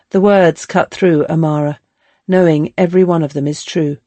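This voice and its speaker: A woman narrating a historical novel as an audiobook in a calm, measured storytelling manner. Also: deep voice, no echo.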